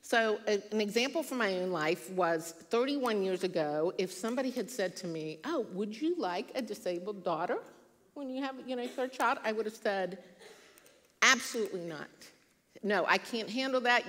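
Bright-voiced woman speaking in a church hall. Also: medium pitch, normal speed. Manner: earnest, storytelling, animated quoted voices. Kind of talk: devotional talk with personal story. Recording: church hall with long reverb.

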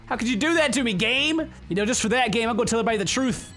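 A man giving joking, sarcastic let's play commentary on a game, excitable and swearing a lot into a close desk microphone. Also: very high voice, very fast, hardly any pauses, soft background music. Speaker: gaming YouTuber.

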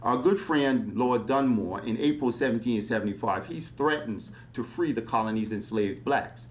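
A male history lecturer speaking at a public talk in a mid-range voice. He is animated and conversational, often breaking in with rhetorical questions to keep his audience engaged. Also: medium pitch, normal speed.

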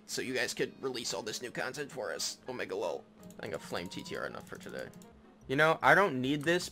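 A young man talks over his gameplay in a bright, forceful voice, cracking crude jokes and swearing freely. Faint game music plays underneath him. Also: mid-range voice. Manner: crude, joking trash talk with lots of swearing. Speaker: gaming YouTuber. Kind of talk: casual let's play commentary.

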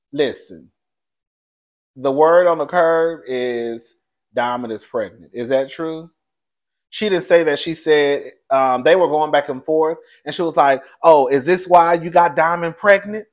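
A fairly high-voiced man gives a gossipy recap, loose and conversational. He is sassy and animated, swoops his voice up and down, and breaks into laughter as he calls everyone "girl". It sounds like a host talking straight to his regular viewers. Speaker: show reviewer and host. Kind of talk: casual reality TV recap commentary.

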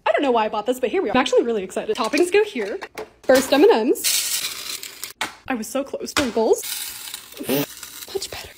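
A young woman narrates her own lifestyle vlog in a bubbly, chatty way and gets excited easily. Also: high voice, moderate pace, pauses often, background noise. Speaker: lifestyle content creator. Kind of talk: casual vlog voice-over.

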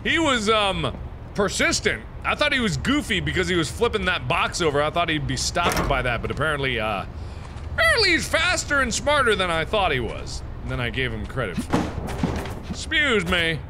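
A man playing a horror game who screams, swears and panics, then settles into calm musing. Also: high-pitched, moderate pace, noisy background. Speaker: let's play host.

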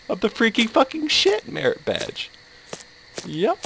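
Lively sarcastic man playing a horror game. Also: very high voice, measured pace, vocal fry, a little hiss or hum, poor audio. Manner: sarcastic, yelps and laughs at scares. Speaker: let's play host.

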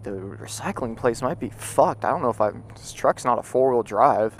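A man riding a motorcycle and talking through a helmet mic, rambling and cursing, sometimes breaking into loud shouts. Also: medium pitch, normal speed, few pauses, no room sound. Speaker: motorcycle vlogger. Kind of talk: casual ride commentary. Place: on a motorcycle outdoors. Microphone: helmet Bluetooth mic while riding.

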